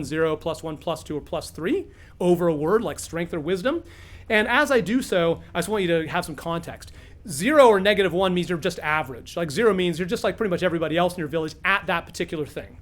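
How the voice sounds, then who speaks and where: Bright-pitched male game master, upbeat and explanatory, teaching newcomers. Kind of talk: teaching and narrating a tabletop game. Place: room with a group of players.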